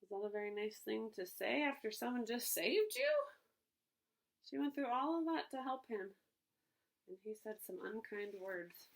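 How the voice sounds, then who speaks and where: Woman, preschool teacher, storybook read-aloud, animated, asks kids questions, highish pitch. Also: moderate pace, creaky, rough recording.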